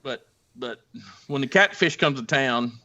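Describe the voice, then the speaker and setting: A man's voice: medium pitch, measured pace, dull audio. Rambling crude storyteller man from the Ozarks. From Ozarks, United States. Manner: rambling, crude, animated, acts out voices. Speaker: podcast storyteller, former police officer. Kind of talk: casual storytelling chat.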